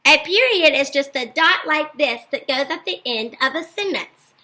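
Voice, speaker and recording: A woman teacher giving a recorded phonics lesson to young children, speaking slowly and clearly and praising them often. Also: sits high, animated, bright, forceful tone, low-quality recording.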